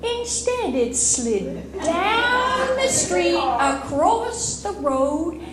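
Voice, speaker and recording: A woman's voice: very high-pitched, sing-song, very slow. A woman in her fifties giving a humorous speech, telling comic stories and laughing often. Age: 50s. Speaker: motivational speaker. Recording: echoey hall with background noise.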